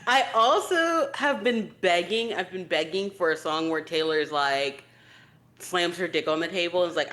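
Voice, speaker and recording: Animated playful woman podcaster. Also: on the low side, moderate pace. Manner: playful, animated, acts out quotes. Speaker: podcast co-host. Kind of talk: casual chat.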